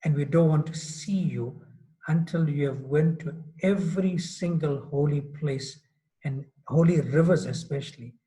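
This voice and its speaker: A man teaching a scripture class, retelling a story with lively acted-out quotes and frequent "you know" asides. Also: a little high, a little slow, poor audio. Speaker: monk lecturer.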